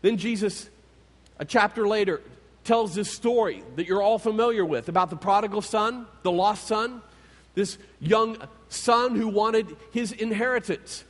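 A man preaching a sermon, retelling scripture stories in an animated storytelling manner. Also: sits high, unhurried. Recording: long hall reverb.

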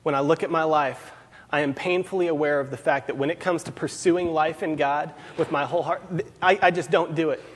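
A man's voice: on the high side, steady tone, a little fast, a little hiss or hum. Earnest preacher man in a reverberant hall. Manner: earnest, repeats key phrases for emphasis. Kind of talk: sermon.

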